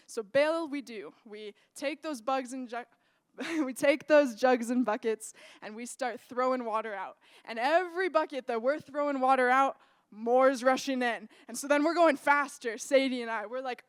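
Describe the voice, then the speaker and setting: A young woman telling a personal story in a lively, animated way that builds suspense. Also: high voice, moderate pace, clean tone, no echo, clean studio sound. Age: young adult.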